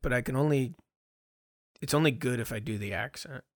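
A man's voice: mid-range voice, brisk, no room sound. Laid-back man, dry close sound. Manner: laid-back, swears freely. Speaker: podcast co-host. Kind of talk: casual chat.

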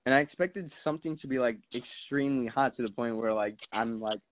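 A man's voice: medium pitch, brisk, dry recording. A young man chatting as a podcast guest, telling stories in a rambling, mock-serious way full of fillers and swearing. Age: young adult. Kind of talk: casual podcast chat. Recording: dry, tinny phone-like sound.

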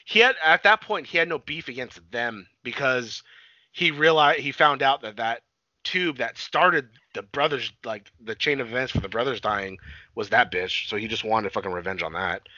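Young man, casual rambling chat, bright tense voice, dull recording. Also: medium pitch, dry recording. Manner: rambling, profane, laughing, acts out quotes. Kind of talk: casual chat recapping a show. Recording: dull dry lo-fi audio.

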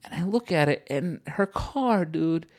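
A man from the New York and New Jersey area, co-hosting a podcast and telling a comedic story with animated, profane delivery. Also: fairly high pitch, measured pace. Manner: animated, profane, acts out shouting exchanges. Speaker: podcast co-host.

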